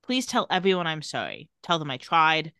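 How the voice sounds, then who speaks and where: A woman's voice: low voice, sing-song, normal speed, pushed and bright, no room sound, studio quality. A woman co-hosting a podcast, casually recapping a TV episode scene by scene and quoting the characters. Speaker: podcast co-host.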